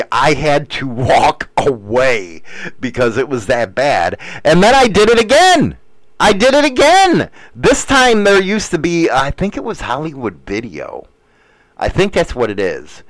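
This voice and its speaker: A man's voice: on the high side, a bit bright, dry recording. A man telling rambling, profane stories in casual chat, often laughing at his own jokes. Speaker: storyteller answering a question. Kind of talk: casual crude storytelling.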